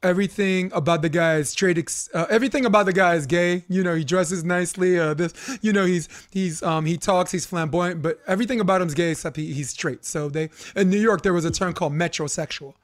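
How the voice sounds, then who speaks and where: A man hosting a podcast, a volleyball coach telling animated stories in casual chat, swearing freely and laughing often. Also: high voice, brisk, few pauses.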